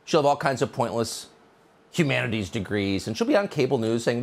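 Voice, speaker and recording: Husky-voiced man with a lively sarcastic delivery. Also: medium pitch, brisk. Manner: emphatic, sarcastic. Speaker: TV news host. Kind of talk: opinion monologue.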